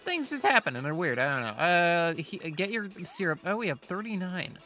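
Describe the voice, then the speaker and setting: Male let's-play host, slightly high voice, rambling self-deprecating gameplay chatter over faint game music. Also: sing-song, a little fast, pushed and bright. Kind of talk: casual gameplay commentary.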